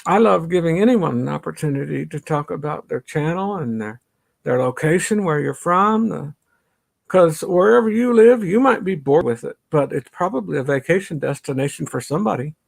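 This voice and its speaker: A middle-aged suburban man from Chicago's northern suburbs hosts a livestream, casually chatting and reading comments, greeting viewers by name and laughing a lot. His gravelly, husky voice sits a little high and sounds animated at a normal speed, slightly stuffy from allergies.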